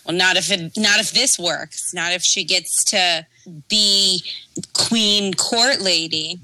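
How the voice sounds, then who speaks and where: A woman co-hosting a casual comedy podcast, speaking in a dry, sarcastic, drawn-out way. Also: lowish voice, pushed and bright, rough recording. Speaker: podcast co-host.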